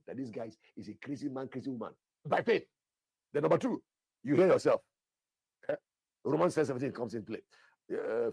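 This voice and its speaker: A man's voice: medium pitch, mellow, breathy edge, no echo. A man preaching a fervent sermon, repeating himself and addressing listeners directly as sir. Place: church altar session.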